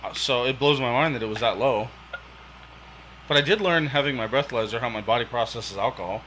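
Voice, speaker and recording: A man talking casually as a podcast guest, relaxed and profane. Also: medium pitch, brisk, slight background noise, poor audio. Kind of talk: casual chat.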